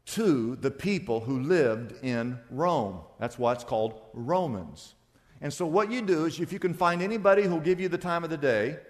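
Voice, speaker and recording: A male pastor preaching a sermon, acting out back-and-forth dialogues in a lively, conversational way. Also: fairly high pitch, in a large hall.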